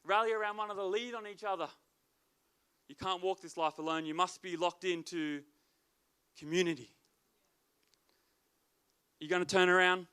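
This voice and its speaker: A man's voice: high-pitched, fairly even intonation, brisk, sharp tone, smooth. A man preaching as youth leader, with emphatic, repetitive delivery. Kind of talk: sermon.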